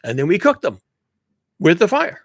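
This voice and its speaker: A man's voice: on the high side, huge pitch swings, normal speed, fairly bright tone, dry recording. A man giving a casual, emphatic monologue, rambling with restarts as he builds his points. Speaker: commentator on climate and human nature.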